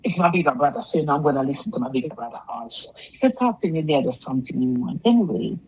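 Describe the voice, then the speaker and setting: A woman's voice: extremely low pitch, quick pace, breathy edge. A middle-aged woman telling her story as a caller, acting out what was said and sometimes dropping to a near-whisper. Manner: animated, quotes dialogue, drops to near-whisper at times. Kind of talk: casual storytelling. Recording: dull lo-fi sound with faint noise.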